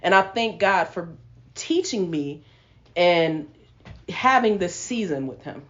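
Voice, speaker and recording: Animated woman with a lively voice. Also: on the low side, slow. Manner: animated storytelling, laughing often. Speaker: podcast host. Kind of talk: casual testimony chat. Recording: lo-fi sound.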